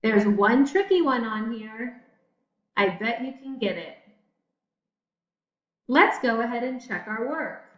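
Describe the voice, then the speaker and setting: A woman teacher giving a recorded spelling lesson, talking slowly and encouragingly to young students. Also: a little high, lively intonation, a bit bright. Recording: echoey room, dull lo-fi audio.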